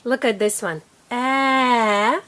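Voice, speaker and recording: A woman gives a phonics lesson at home, speaking slowly and clearly. Her voice sits a little high, and she praises the child after each sound. Faint background noise runs under the talk. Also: animated, over music. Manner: patient, slow and encouraging, sounding out letters. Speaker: reading teacher.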